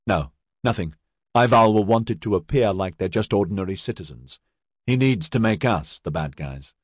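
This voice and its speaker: A man voicing a calm, resolute young male police corporal. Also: lowish voice, normal speed, slightly rough, no room sound, clean studio sound.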